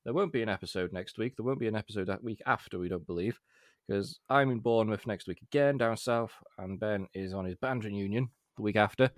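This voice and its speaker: Guy rambling on a podcast, quick and jokey, dead dry mic. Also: fairly low pitch, no room sound. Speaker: podcast co-host. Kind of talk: casual chat.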